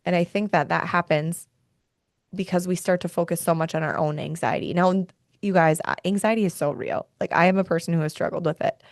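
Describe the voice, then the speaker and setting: A young woman with a low, gravelly voice speaks earnestly about faith and rest. She talks straight to her listeners with heartfelt conviction. The sound is close and dry. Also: steady tone, a little fast, no echo. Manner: earnest, heartfelt, gets worked up. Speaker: podcast host. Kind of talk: faith-based wellness talk.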